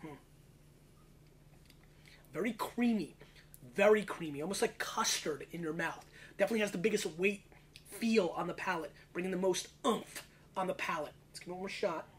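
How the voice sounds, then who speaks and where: A man in his thirties runs his own wine review show, scoring each bottle and riffing on it in a brash, slangy, rapid-fire style. His voice is high, with a little hiss or hum in the recording, and the whole thing plays as a casual video wine review.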